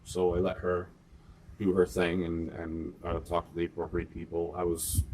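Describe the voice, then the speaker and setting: Low-voiced man, measured and hesitant. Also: completely flat delivery, a little mellow, slight background noise. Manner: measured, hesitant, many uhs and ums. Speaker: guest, host's partner. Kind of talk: casual conversation.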